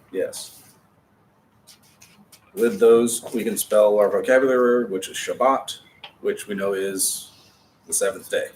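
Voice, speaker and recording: A man's voice: on the low side, a little mellow. A man teaching an adult Hebrew class, explaining patiently with chatty asides. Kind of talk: classroom lecture. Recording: distant mic with faint background noise.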